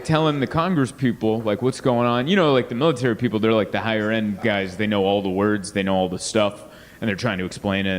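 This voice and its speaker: A man doing a stand-up comedy set on a club stage, rambling and animated, acting out voices and sound effects. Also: fairly high pitch. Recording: live club sound, reverberant hall, audience noise.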